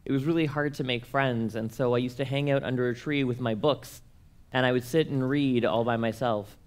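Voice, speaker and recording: A young Canadian man, speaking at a church conference, tells the audience a personal story and acts out the voices of the people in it. His voice sits at a medium pitch and moves a little fast, and his delivery is animated.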